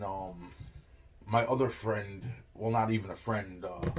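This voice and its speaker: A man's voice: on the low side, steady tone, unhurried, noisy background. A young man telling a long rambling story, swearing constantly and looping on filler phrases. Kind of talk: rambling monologue.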